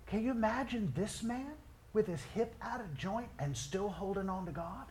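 A man preaching a sermon, moving between quiet storytelling and loud, drawn-out climaxes. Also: high voice, animated, a little hiss or hum. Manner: dramatic, swings from quiet storytelling to shouted climaxes; slow, drawn-out emphasis on key words.

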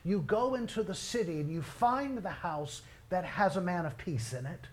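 A middle-aged male pastor preaching a sermon, telling family stories in a lively way. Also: high-pitched, normal speed. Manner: storytelling, animated, quoting others in his own voice.

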